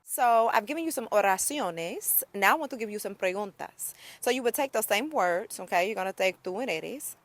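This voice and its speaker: A woman's voice: medium pitch, expressive, normal speed, few pauses. A woman giving a casual video lesson on Spanish, upbeat and chatty, often checking in with "okay?" and "right?". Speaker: Spanish teacher.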